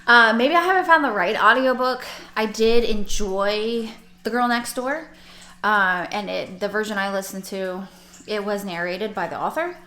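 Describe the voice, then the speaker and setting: Chatty young woman vlogging about books, bright voice, kinda echoey room. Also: medium pitch, normal speed. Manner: rambling, chatty, with restarts and laughs. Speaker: book vlogger. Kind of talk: casual chat to camera. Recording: roomy echo.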